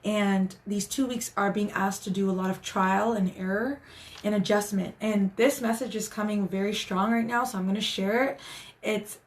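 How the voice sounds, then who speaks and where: A woman's voice: medium pitch, steady tone, moderate pace. A woman hosting a casual live stream as a spiritual guide, talking in an earnest, encouraging way with many restarts.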